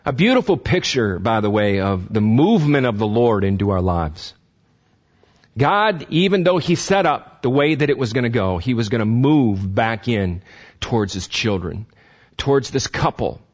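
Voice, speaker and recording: A man's voice: medium pitch, big pitch swings, moderate pace, slightly rough, lo-fi sound. Man preaching, stumbling over repeated words. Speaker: pastor. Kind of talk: conversational sermon. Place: church.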